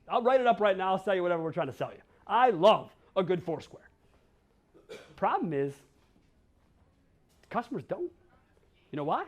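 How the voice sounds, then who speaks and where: A man in his forties from Chicago giving a talk to a crowd, brash and blunt, firing off rhetorical questions and slang. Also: high voice. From Chicago, USA. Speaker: conference speaker. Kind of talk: energetic storytelling talk.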